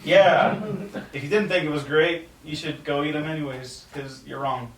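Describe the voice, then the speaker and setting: Upbeat host guy, kinda high voice, echoey room, mic far off. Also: fairly even intonation, normal speed. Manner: upbeat, jokey, steering the talk. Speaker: podcast host. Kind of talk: casual podcast hosting. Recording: roomy, distant mic, faint noise.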